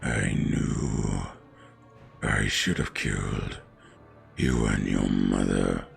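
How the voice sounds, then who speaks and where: A man's voice: extremely low pitch, little pitch movement, drawn-out words, creaky, husky, soft background music, pitched below the performer's own voice, exaggerated voice. A man voicing a bitter, wounded male villain in a tabletop game. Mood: snarling.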